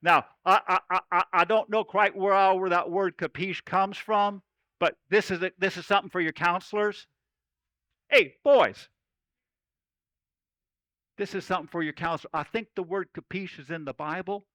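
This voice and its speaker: A man's voice: sits high, steady tone, moderate pace, sharp tone, no room sound, low-quality recording. A man speaking as a folksy cowboy storyteller, giving a playful chapel talk to children at camp. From Oregon.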